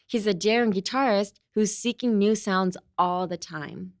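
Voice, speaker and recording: A woman reading the lines of an earnest teenage girl bassist, eager and informative. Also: unhurried, no room sound, studio quality, close to an everyday voice. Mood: explaining. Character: earnest teen girl bassist explaining music.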